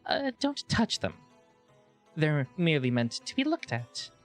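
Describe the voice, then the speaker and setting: A man's voice: fairly high pitch, huge pitch swings, unhurried, faint music behind, voice pushed up. A man voicing a mysterious female desert guardian who speaks in a sly, mock-polite way. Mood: sly teasing.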